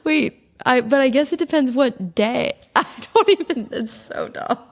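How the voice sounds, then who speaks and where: A young woman with a high voice co-hosts a podcast, telling stories at a measured pace. She's a chatty storyteller in casual conversation, using lots of fillers.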